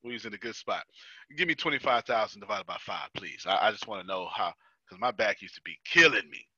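A man's voice: on the low side, animated, fast talker, bright, forceful tone, husky, no room sound, highs cut off. An American man hosting a casual business team meeting, telling stories with jokes and frequent laughter. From United States. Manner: joking, storytelling, laughs often. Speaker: meeting host.

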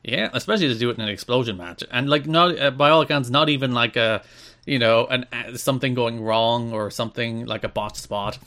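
An Irish man co-hosts a casual podcast, reading out news items and then riffing on them with dry humour. His mid-range voice runs a little fast and sounds pushed and bright.

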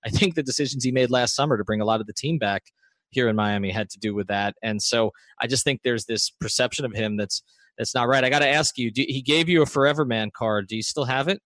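A man's voice: mid-range voice, quick pace, a bit bright, dry recording. A man hosting a podcast, setting up background at length before asking his questions in a conversational way. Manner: conversational, thorough, sets up context before asking. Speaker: podcast host.

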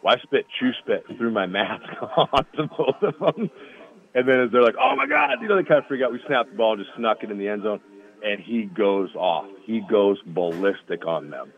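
A man's voice: lowish voice, animated, normal speed. A former college football lineman telling rambling stories over the phone, laughing as he goes. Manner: rambling, laughs through anecdotes. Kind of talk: casual storytelling. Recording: tinny phone line.

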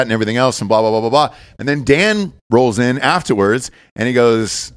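Fast-talking podcast host, a man. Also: mid-range voice, no room sound, studio quality. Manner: fast, profane, excitable storyteller. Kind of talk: casual podcast chat.

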